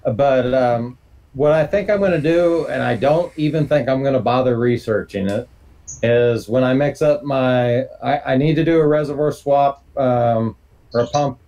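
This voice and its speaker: A man's voice: mid-range voice, moderate pace, warm tone. A man chatting casually on a grower panel, joking and telling stories. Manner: joking, storytelling, laid-back. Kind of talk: casual chat.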